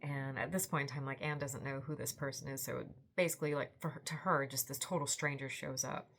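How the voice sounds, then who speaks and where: A woman's voice: very deep voice, steady tone, a little fast, a bit bright. A woman in her forties hosting a book vlog, chatty and enthusiastic in a rambling, casual way. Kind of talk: casual book review chat.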